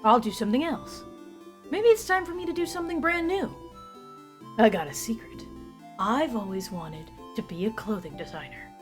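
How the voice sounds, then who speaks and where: A woman voicing an earnest young male warrior in a game, in a slightly deep-ish voice as she reads his lines aloud. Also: animated, normal speed, soft background music, natural voice.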